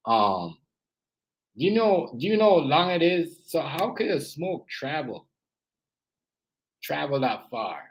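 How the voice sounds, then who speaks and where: A man's voice: a little high, big pitch swings, slow, long pauses, slightly rough, poor audio. A man with a Jamaican accent chatting casually on a live stream, rambling and repeating himself as he greets viewers.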